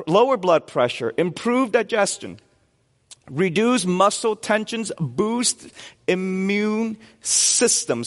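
A pastor preaching to his congregation, his voice set a little high for a man. He keeps it conversational and drops in jokes as he goes. The long reverb of the church sanctuary trails after every phrase. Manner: conversational, joking asides to the congregation. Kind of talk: sermon.

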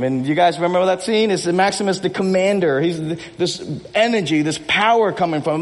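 A man preaching a sermon from the pulpit, animated and joking with his congregation. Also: high voice, normal speed, long reverb tail. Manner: animated, energetic, acts out movie speeches with rising intensity; jokes with the congregation and repeats himself. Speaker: pastor. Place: church hall.

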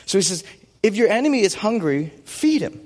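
A male pastor with a high, lively voice that swoops up and down as he preaches. He is playful and joking with a volunteer on stage. His words ring out with the long reverb of a church hall. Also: fairly quick. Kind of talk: sermon.

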